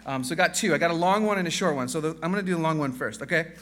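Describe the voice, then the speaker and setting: Bright-voiced man preaching a sermon. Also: racing, slight background noise. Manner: casual, joking, with frequent fillers and restarts; quieter and lower in prayer. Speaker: guest pastor.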